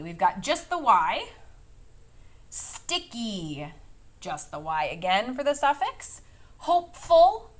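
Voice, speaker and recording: A woman's voice: mid-range voice, a bit bright. Patient woman teaching a phonics lesson. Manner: clear, patient classroom instructions with lots of okays.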